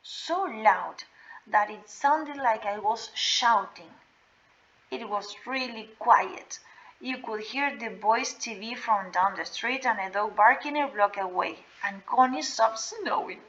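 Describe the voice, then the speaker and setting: Woman, reading a novel aloud, slow deliberate delivery, bright tone. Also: on the high side, dull audio. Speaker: reader.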